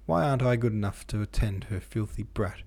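A man doing a gruff old doctor who barks. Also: on the low side, fairly quick, darkish tone. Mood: resentful. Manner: barking, snarling. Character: gruff elderly male country doctor, resentful.

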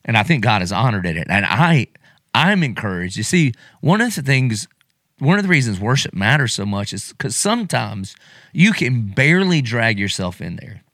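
A man's voice: mid-range voice, normal speed, dry recording, studio quality. A middle-aged man, a pastor hosting a podcast, talking casually and emotionally, acting out quotes as he goes. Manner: animated, emotional, acts out quotes.

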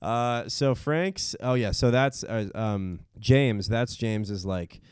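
A man's voice: medium pitch, slow pace, clear, resonant tone, no echo, clean studio sound. A man co-hosting a casual comedic history podcast, joking and riffing as he goes. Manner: jokey, riffs into goofy character voices. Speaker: podcast co-host.

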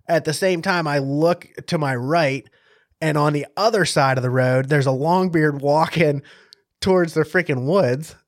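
A man with a West Virginia accent, co-hosting a podcast and excitedly telling a hunting story with frequent laughs. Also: medium pitch, no echo, studio quality. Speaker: podcast co-host. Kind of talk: casual storytelling chat.

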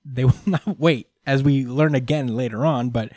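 An animated man hosts a casual recap chat, retelling scenes with plenty of swearing and laughter. His pitch sits in the middle for a man. The sound is dry and close, with no room echo. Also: moderate pace. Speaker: host.

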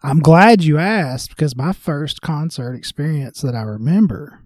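A man's voice: a little high, animated, measured pace, darkish tone, no echo, studio quality. A man, chatting casually, laughing often and making teasing quips. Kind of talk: casual chat.

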